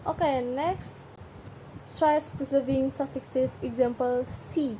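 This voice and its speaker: A woman's voice: high-pitched, slow, warm tone. A young woman reading a class presentation, carefully pronouncing each word twice. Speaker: student presenter. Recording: noisy home recording with crickets. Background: crickets and insects.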